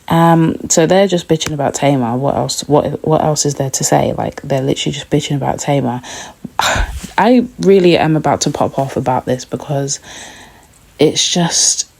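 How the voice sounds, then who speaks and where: A woman's voice: deep voice, vocal fry, a little mellow, breathy edge. A woman hosting a casual TV recap vlog, blunt and opinionated, swearing freely. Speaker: TV recap host. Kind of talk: casual reaction review.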